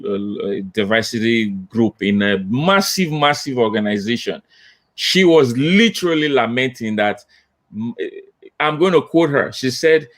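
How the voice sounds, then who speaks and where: Man, guest consultant, emphatic, repetitive, hesitant, medium pitch. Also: animated, a little slow, a bit bright. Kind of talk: panel discussion.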